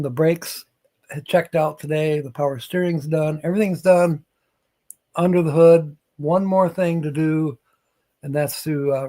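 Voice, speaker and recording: Slow-talking man chatting on a live stream. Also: on the high side, dark tone. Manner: slow, rambling, chuckles between lines. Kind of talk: casual live-stream chat with viewers.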